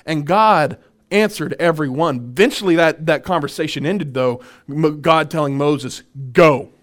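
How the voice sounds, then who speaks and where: A minister leads a relaxed Bible workshop with an animated delivery. His man's voice sits a little high, and he often laughs lightly and says his point twice. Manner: animated, chuckling, repeats key phrases. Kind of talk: conversational Bible teaching.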